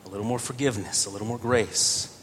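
A man preaching a sermon earnestly, his voice swelling louder on key phrases. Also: quick pace. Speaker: pastor. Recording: reverberant church hall with faint rumble.

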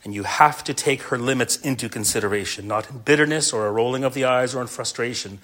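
A man's voice: medium pitch, fast talker, fairly bright tone. A middle-aged male pastor delivering a sermon to men, earnest and mixing in a humorous personal story.

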